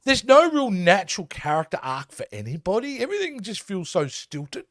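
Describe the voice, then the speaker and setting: High-voiced man on a dry mic. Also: wildly swooping pitch, moderate pace, a bit bright, dry recording. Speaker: podcast co-host. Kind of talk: casual podcast chat.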